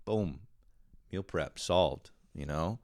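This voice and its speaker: A man's voice: low-pitched, lively intonation, slow, a little mellow, no room sound. A man hosting a podcast, talking in a rambling, profane casual monologue full of fillers. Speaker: podcast host.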